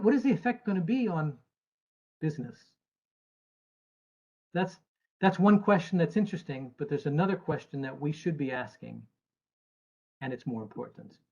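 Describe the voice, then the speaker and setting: A man's voice: fairly high pitch, darkish tone, slightly rough, muffled recording. Earnest American man giving a talk. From United States. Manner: earnest, emphatic, with dry asides. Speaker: actuary giving a presentation. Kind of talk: presentation to investors.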